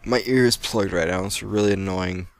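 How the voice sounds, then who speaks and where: Rambling young American man, lowish voice. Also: steady tone, normal speed. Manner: rambling, chatty, laughs often. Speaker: let's play gamer. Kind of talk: post-recorded gameplay commentary.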